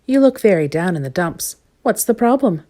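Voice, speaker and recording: A woman's voice: sing-song, moderate pace, mellow. A woman voicing a nosy long-nosed man who laughs as he pries, in a storybook reading. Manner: high and laughing.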